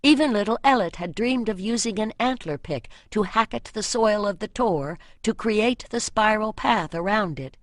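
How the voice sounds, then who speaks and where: A woman narrating a fantasy audiobook in a measured, expressive reading voice. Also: fairly low pitch, dry recording, studio quality.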